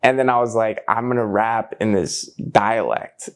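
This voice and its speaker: Animated young man telling a story. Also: fairly low pitch, normal speed. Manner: animated, slangy, lots of "like" and "bro". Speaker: musician and guest. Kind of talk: casual storytelling chat.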